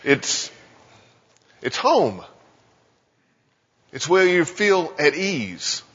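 A man delivers a sermon with an animated, swooping voice that turns his congregation's doubts into questions. His tone is somewhat breathy and husky. The recording is muffled and lo-fi, carrying the long echo of a large hall. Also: fairly high pitch, extremely slow. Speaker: pastor. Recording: dull sound with long hall reverb.

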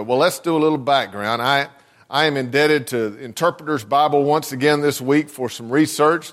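Male pastor, sermon delivery, rhetorical questions, a touch high-pitched, long church reverb. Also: fairly bright tone. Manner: earnest, asks the congregation rhetorical questions. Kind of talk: sermon with scripture reading. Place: church sanctuary.

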